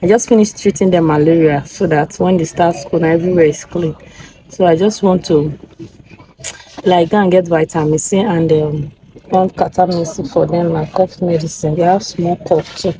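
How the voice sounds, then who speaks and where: A woman's voice: on the low side, fairly even intonation, normal speed, noisy background. A woman with a Nigerian accent, talking casually to her vlog camera, chatty and effusive, pleading with viewers for support. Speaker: family vlogger. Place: in and around a car on city errands.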